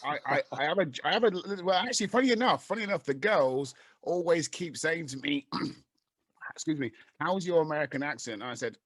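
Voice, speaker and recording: A man co-hosting a podcast, telling stories with a lively, stammering energy. His voice sits a little high, and the recording is dry and close. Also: brisk, breathy edge, no echo. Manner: animated storyteller, stammering restarts. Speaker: podcast co-host. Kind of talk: casual podcast chat.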